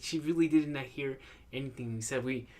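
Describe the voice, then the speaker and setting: A man's voice: mid-range voice, brisk. A man co-hosting a podcast, casual chat, telling stories and acting out what people said. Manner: animated storytelling with acted quotes. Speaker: podcast co-host.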